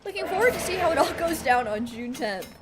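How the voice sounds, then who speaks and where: A woman streamer giving casual, animated gaming commentary, exclaiming and laughing often. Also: sits high, a little fast, over music.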